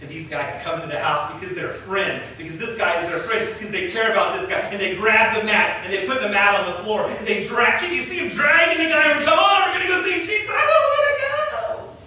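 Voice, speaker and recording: A male pastor preaching a sermon in a church, telling the story dramatically and swinging between loud and hushed delivery. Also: high voice, animated, fast, hardly any pauses, a little hiss or hum. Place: church sanctuary. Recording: echoey church hall from far off.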